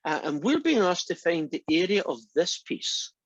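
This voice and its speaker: With a high-sitting voice and big pitch swings, a math instructor speaks at a moderate pace, no echo present. His classroom lecture is chatty and teasing, with lots of questions for students, captured in dull lo-fi.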